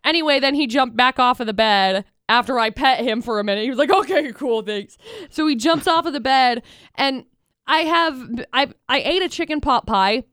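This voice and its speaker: A woman co-hosting a radio after-show, telling an animated story in casual chat and acting out little voices. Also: high-pitched, moderate pace, no echo, clean studio sound. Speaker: radio co-host.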